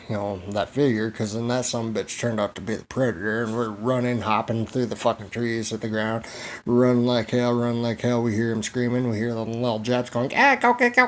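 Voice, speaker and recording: A man's voice: mid-range voice, a little hiss or hum. A man vlogging a crude comedic monologue, rambling, swearing freely and laughing at his own jokes.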